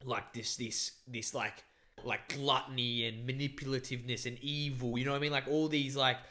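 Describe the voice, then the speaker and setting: A man's voice: mid-range voice, fairly even intonation, moderate pace, bright, forceful tone. Rambling young man telling a story. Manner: rambling, full of "like" and swearing. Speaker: podcast co-host. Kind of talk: casual storytelling chat.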